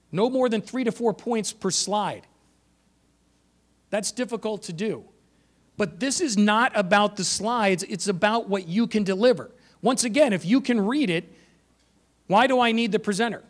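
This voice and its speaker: A man giving a conference presentation to teachers, energetic and emphatic, shifting his pace for effect. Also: high voice. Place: conference room.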